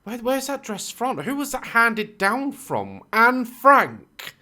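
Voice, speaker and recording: A man's voice: very high voice, huge pitch swings, a little slow, bright, forceful tone. A man hosting a reaction video, talking casually from his home office and firing off sarcastic, joking asides.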